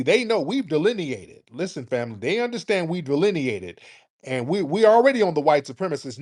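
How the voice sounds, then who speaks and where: A man's voice: a little high, a little mellow. A middle-aged man hosting a radio show, delivering emphatic commentary to his listeners and mocking callers with repeated denials.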